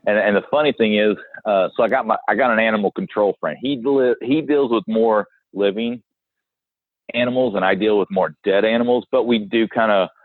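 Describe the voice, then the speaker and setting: He's a podcast co-host who removes dead animals for a living, and here he casually recounts a gross work story, performing each quote. His lowish voice moves fairly quickly, coming through a dry phone-like line without any room sound.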